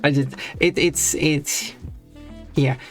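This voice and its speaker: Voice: medium pitch, fairly even intonation, slow, faint music behind. A streamer from Sweden, chatting casually on a live stream, rambling and restarting sentences, laughing now and then at their own points.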